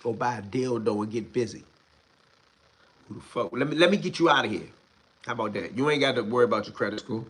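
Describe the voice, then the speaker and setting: The voice belongs to a young male livestream host who talks fast yet leaves long pauses, expressive and fairly bright. He's ranting in heavy-swearing street slang, and his pitch goes up as the heat rises.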